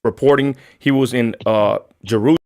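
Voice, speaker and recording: Excitable male stream host from West Texas, slangy and casual. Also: mid-range voice, fairly quick. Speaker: show host. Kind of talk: live political chat stream.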